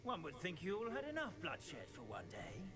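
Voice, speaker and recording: An actor playing a disdainful adult wizard in a video game, with an arch, dismissive delivery. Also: male voice, a little high, huge pitch swings, moderate pace. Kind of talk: game dialogue. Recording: game audio over loud music.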